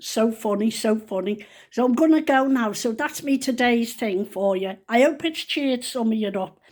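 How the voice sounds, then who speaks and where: A woman's voice: on the high side, moderate pace, a little mellow. A woman in her seventies telling funny stories to camera in a chatty, rambling, down-to-earth way. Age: 70s. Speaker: vlogger. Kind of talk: casual storytelling to camera.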